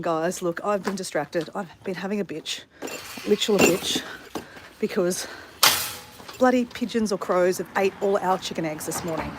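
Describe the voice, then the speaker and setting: A woman's voice: mid-range voice, a little hiss or hum. A woman vlogging in her suburban backyard, chatting and venting with swearing and self-mocking asides, recorded on a handheld phone. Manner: chatty, exasperated ranting with swearing, laughing at herself. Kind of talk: casual vlog chat.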